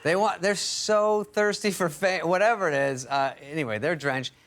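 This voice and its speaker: A man's voice: sits high, moderate pace, background noise. A middle-aged man, a talk show guest, telling a comic story in a wry, mocking way and acting out the voices of the people in it.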